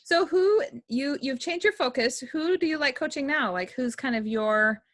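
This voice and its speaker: Upbeat woman host, bright sharp voice, dry close sound. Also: high-pitched, normal speed, dry recording. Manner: upbeat, encouraging, enthusiastic affirmations. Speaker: host health coach. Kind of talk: casual video call chat.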